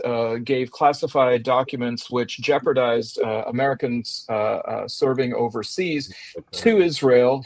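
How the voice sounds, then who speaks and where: A man hosting a panel discussion on the week's news, halting with filler sounds and dropping sardonic asides. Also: medium pitch, no echo. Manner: halting, many filler sounds between phrases. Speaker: host.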